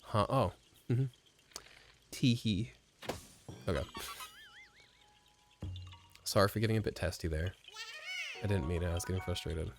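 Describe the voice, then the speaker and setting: A man's voice: deep voice, moderate pace, creaky, long pauses, music in the background. A man giving casual gameplay commentary at a home desk mic, rambling and profane, mocking himself and jumping between mutters and exclamations. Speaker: let's play streamer.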